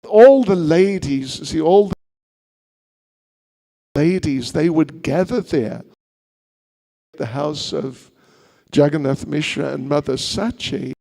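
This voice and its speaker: A man's voice: on the high side, slow, vocal fry, pauses often, warm tone, in a large hall. A man, a monk at a seminar, telling a sermon story in a playful way with chatty asides to the audience.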